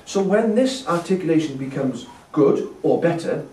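In a festival hall, a brass instructor teaching a masterclass patiently explains and demonstrates tonguing syllables. His voice is a little high and dark-toned, animated, at normal speed. Slight background noise accompanies the echoey recording, made from a distance.

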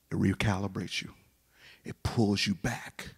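A middle-aged man preaching a chapel sermon, swinging from hushed, whispered lines to shouted declarations. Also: on the low side, creaky, husky. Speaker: chapel speaker. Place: college chapel.

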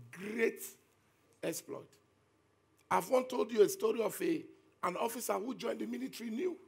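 Gravelly pastor preaching. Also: male voice, high-pitched. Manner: emphatic preaching with repeated phrases. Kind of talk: sermon.

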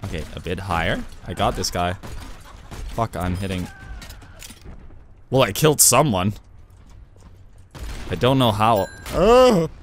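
A young man giving excitable live gameplay commentary, with loud outbursts and swearing. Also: on the low side, a little slow, long pauses, slight background noise. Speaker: gamer streamer.

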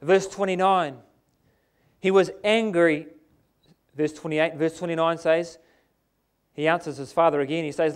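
A man's voice: on the high side, fairly even intonation, unhurried, pauses often, clean tone. A man with a New Zealand accent preaching a sermon in a church, emphatic and asking the congregation "amen?".

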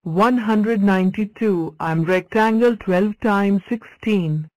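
Cartoon number block, female voice, higher pitched, very slow, dry. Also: no echo, natural voice, rough recording. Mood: plain. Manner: slow, flat self-introductions. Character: cheerful talking number block.

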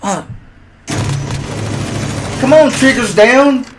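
A man streaming a shooter game, swearing, laughing and reacting loudly as he plays. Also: very high voice, extremely slow, background noise. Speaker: gaming streamer. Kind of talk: casual gameplay commentary.

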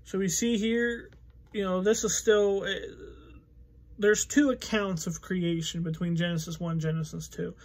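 A man teaching a Bible study in a casual, conversational way, reading scripture aloud and thinking out loud with fillers. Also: high voice, level tone, a little slow. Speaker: pastor.

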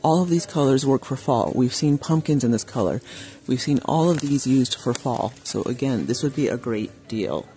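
A man's voice: medium pitch, lively intonation, normal speed, mellow, soft background music. Chatty man filming a store walkthrough. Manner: chatty, enthusiastic, reads out prices. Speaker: shopping vlogger. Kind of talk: casual shop-with-me walkthrough. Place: inside a large craft store.

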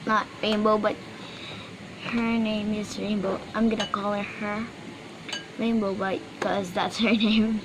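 A woman casually chatting through a toy unboxing, rambling and hesitant with many fillers. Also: medium pitch. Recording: noisy room background.

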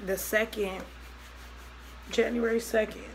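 A woman's voice: on the high side, fairly even intonation, slow pace, creaky, slight background noise, poor audio. A young woman vlogging a personal story, talking loosely and acting out both sides of each conversation. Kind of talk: storytime vlog.

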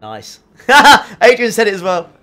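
A man's voice: fairly high pitch, expressive, brisk. A young man streaming a racing game, chatting casually and answering his live chat as he drives, into a desk mic at home. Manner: chatty, reads out and answers chat messages while driving. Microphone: desk USB condenser mic.

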